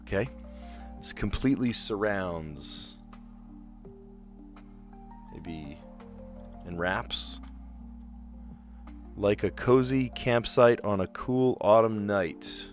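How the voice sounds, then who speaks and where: A man's voice: lowish voice, extremely slow, long pauses, faint music behind. A man casually thinking aloud as he reads puzzle clues and works through answers, with frequent restarts. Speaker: streamer playing word puzzles.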